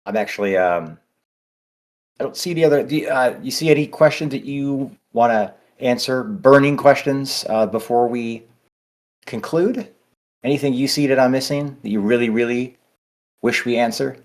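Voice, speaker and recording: A man's voice: medium pitch, moderate pace. A man hosting a casual livestream AMA, chatty and reassuring as he answers questions.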